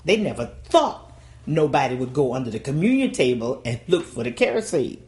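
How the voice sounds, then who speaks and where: A woman's voice: extremely low pitch, very animated, fairly quick, a little mellow. An older woman with a Southern US accent, telling a folksy, dramatic childhood story. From Louisiana, USA. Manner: folksy, dramatic delivery with acted-out voices. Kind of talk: oral storytelling.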